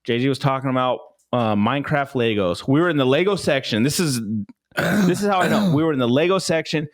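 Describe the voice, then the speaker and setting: A man co-hosting a podcast, talking in a casual, animated way, swearing freely and acting out what people said to him. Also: mid-range voice, brisk. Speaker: podcast co-host. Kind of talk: casual chat.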